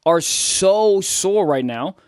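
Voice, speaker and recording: A man's voice: high voice, expressive, slow, darkish tone, dry recording, clean studio sound. A young man co-hosting a podcast, telling loose, profane stories and acting out quotes. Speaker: podcast co-host. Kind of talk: casual comedic chat.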